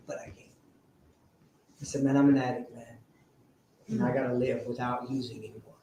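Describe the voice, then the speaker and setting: Animated man in echoey hall. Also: medium pitch, brisk, long pauses. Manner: animated storytelling, rising to shouts. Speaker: speaker sharing a recovery story. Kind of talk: testimony to a live audience. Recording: very echoey room, faint noise.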